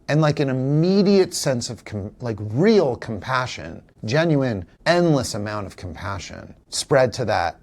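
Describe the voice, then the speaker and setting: A man's voice: mid-range voice, sing-song, unhurried, few pauses, darkish tone. A man in an interview, telling a personal story in an earnest, reflective, emotional way. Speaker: actor, interview guest; father and teacher. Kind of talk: candid conversational storytelling.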